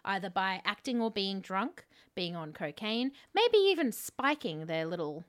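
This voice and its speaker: A woman podcast co-host pitching a show in improvised comedy, with a deadpan, salesy delivery. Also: a little slow, clear, resonant tone.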